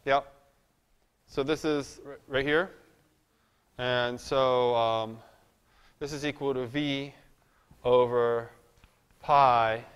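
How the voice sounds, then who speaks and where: A man's voice: medium pitch, a bit bright, clear, resonant tone. A man giving a live math lecture, chatty and self-deprecating, thinking aloud as he works at the board. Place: lecture hall. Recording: long reverb of a lecture hall.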